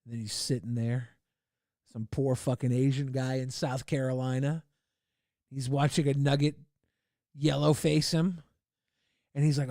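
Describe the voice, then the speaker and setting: Speaking unhurriedly with long pauses, a man with a dark, medium-pitched voice that barely moves in pitch hosts a livestream of video reactions. His talk is crude and casual, full of laughter, swearing, and goofy voices, captured in studio quality with no room sound.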